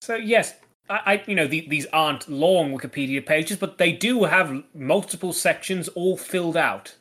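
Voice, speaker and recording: A man's voice: on the high side, normal speed, a bit bright. A man co-hosting a podcast in casual chat, explaining background from his notes with dry wit. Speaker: podcast co-host.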